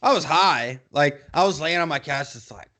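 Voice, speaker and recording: A man's voice: on the high side, lively intonation, moderate pace. Profane, rambling young man. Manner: rambling, profane, laughs often, loud impressions. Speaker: podcast co-host. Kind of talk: casual chat.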